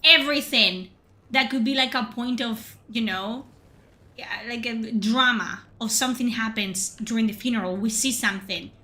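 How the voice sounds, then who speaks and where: Spanish-accented woman streamer, high bright voice, sarcastic swearing rant over gameplay. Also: moderate pace. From Spain. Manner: sarcastic, profane, exasperated. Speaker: streamer reviewing a video game. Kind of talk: ranting game commentary.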